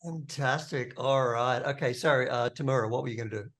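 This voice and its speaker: A man narrating as game master for a tabletop role-playing game, rambling and excitable. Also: mid-range voice, brisk.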